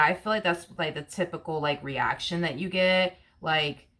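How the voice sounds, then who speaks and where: Low-voiced woman giving a tarot reading. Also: bright, forceful tone. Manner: repetitive, rhetorical questions, many "like" fillers. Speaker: tarot reader. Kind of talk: casual tarot reading to camera.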